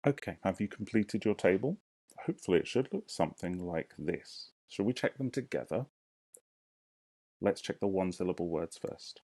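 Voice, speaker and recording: A deep-voiced man with a gravelly edge leads a recorded lesson for young children. He speaks slowly and encouragingly, sounding each word out clearly and inviting the class to say it with him. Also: lively intonation, a little mellow. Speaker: primary school teacher.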